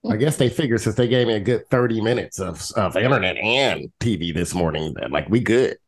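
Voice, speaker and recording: A man co-hosting a comedy podcast, going off on loud, profane, exaggerated rants. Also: fairly low pitch, expressive, fairly quick. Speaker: podcast co-host. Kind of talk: casual comedy podcast banter.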